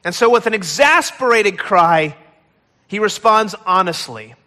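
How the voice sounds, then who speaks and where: A man preaching a sermon in a church, retelling a scripture story with dramatic, expressive delivery. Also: high-pitched, measured pace, long reverb tail. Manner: dramatic storytelling, acting out pleas. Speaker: pastor. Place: large church hall.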